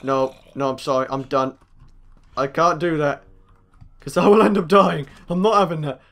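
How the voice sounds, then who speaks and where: A man's voice: a little high, moderate pace, gravelly, fairly bright tone. A young man, a gaming host, chatting to himself through a let's play and taunting the monsters he meets. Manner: chatty self-talk, taunts game mobs.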